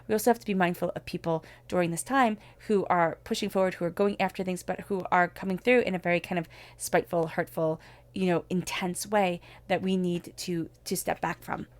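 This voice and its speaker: A woman's voice: fairly low pitch, fairly even intonation, brisk. A woman giving a spoken tarot reading, talking in an earnest, reflective way as she offers spiritual guidance. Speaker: tarot reader.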